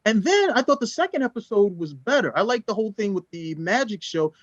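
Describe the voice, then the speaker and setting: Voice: mid-range voice, sing-song, fairly quick, no room sound. An opinionated co-host lays out emphatic arguments in a casual review conversation. The recording is dry and a little dull, with no room sound. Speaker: podcast co-host.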